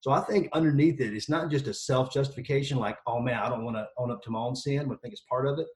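A man in his thirties talking as a podcast guest, energetic and joking as he tells stories. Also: medium pitch, quick pace. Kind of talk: casual podcast conversation.

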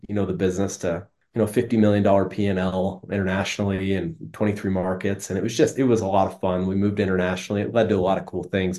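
A man's voice: fairly low pitch, mellow. A man in his thirties from Utah, a business guest telling his career story in an earnest, conversational way. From Utah, United States. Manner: earnest, conversational, frequent restarts. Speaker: interview guest, business executive. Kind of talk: reflective storytelling.

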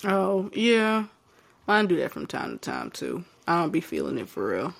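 A woman's voice: fairly low pitch, big pitch swings, normal speed, creaky. A young woman, co-hosting a casual chat, telling stories animatedly and laughing often. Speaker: podcast co-host.

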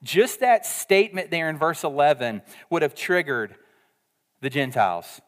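Male pastor, joking sermon, acts out asides, slightly high voice, echoing church hall. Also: very animated, unhurried. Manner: casual, jokey preaching with acted-out asides. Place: church sanctuary.

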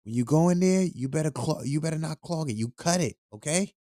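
A man's voice: a little high, animated, a little fast, dark tone, no echo, clean studio sound, pitched above the performer's own voice, close to an everyday voice. A man putting on the voice of his scolding, exasperated old grandmother. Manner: nagging, scolding.

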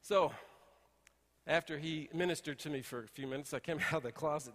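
A middle-aged pastor preaching in a church, his voice sitting a little high for a man. He tells folksy stories, dropping to a hush and then rising to emphatic points. A long reverb trails off each phrase in the big hall. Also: brisk. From Texas. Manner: folksy storytelling, swings between hushed and emphatic. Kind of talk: sermon. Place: church sanctuary.

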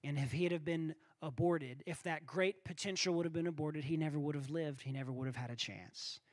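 A preacher with a high-pitched voice delivers his sermon in an animated storytelling way. He acts out voices in his stories and keeps asking the congregation if they follow him. The sound is dry, with little room. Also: brisk, dry recording. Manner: animated storytelling, acting out quoted voices, asks the crowd for responses.

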